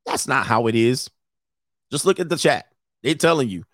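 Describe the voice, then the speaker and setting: Animated man ranting and acting out scenes. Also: mid-range voice, no room sound, studio quality. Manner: acts out both sides in quick voices, laughs often. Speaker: dating coach hosting a live stream. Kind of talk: casual comedic rant.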